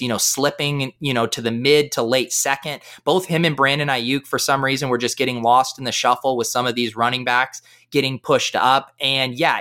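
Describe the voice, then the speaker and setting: A man giving fantasy football analysis as a guest in a casual podcast chat, talking with energy. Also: mid-range voice. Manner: energetic, fast-flowing analysis.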